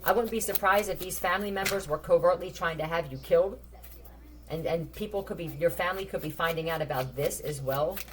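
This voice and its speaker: Blunt, low-voiced woman tarot reader. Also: brisk, a little hiss or hum. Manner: blunt, profane, thinking aloud. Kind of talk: casual tarot reading commentary.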